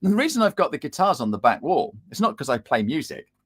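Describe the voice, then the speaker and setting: Male coach, animated delivery, video-call sound. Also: fairly high pitch, fast, husky. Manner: lively, animated, acts out little dialogues. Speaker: LinkedIn coach, guest. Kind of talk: casual video-call chat. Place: home room with guitars on the wall.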